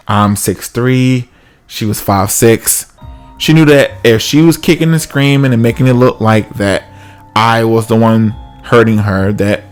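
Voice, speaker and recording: A man casually telling a comic personal story, acting out the other people's voices. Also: on the low side.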